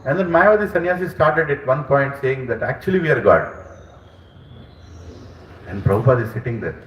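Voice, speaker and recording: A man, teaching scripture with emphatic, animated storytelling. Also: mid-range voice, a little fast, a little hiss or hum. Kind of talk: lecture with storytelling. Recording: roomy, distant mic.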